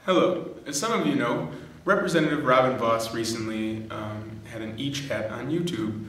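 A man's voice: medium pitch, normal speed, fairly bright tone, heavy reverb, far from the mic, a little hiss or hum, rough recording. A man introducing the segment to camera with a blunt, mocking tone.

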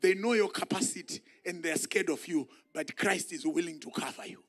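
A man preaching a sermon in a church, moving from quiet musing to shouted climaxes. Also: on the high side, normal speed. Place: church sanctuary.

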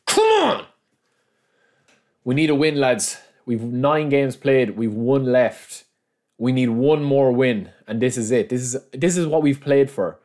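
A man giving live gameplay commentary, swinging between hyped shouting and low muttering as he plays. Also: unhurried. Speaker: gaming commentator.

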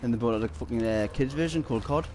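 Streaming a shooter game, this man with a Geordie accent rambles through anecdotes, laughs often and swears nonstop. He talks fast in a medium-pitched, darkish voice, with a little hiss or hum.

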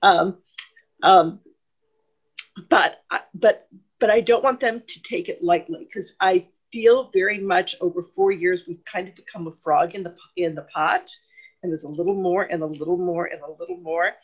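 A woman's voice: lowish voice, moderate pace, slightly rough, highs cut off. A woman party member asking a question on a video call, emotional and hesitant, rambling with many ums and restarts. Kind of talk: question in an online meeting.

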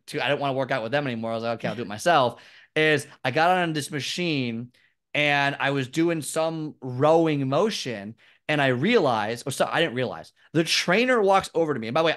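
A man's voice: mid-range voice, a bit bright. A man, a fitness expert chatting as an interview guest, rambling and self-deprecating as he tells stories. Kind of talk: casual interview storytelling.

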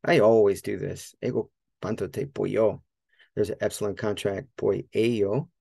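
A low, gravelly male voice, dark and mellow in tone, recorded dry and close. He teaches Greek in a loose, casual way, circling back with fillers and checking himself as he goes, then slowing down to repeat each word carefully. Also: steady tone, no room sound. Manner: thinks aloud, checks himself, many fillers; repeats Greek words slowly to model them. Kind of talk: casual spoken lesson.

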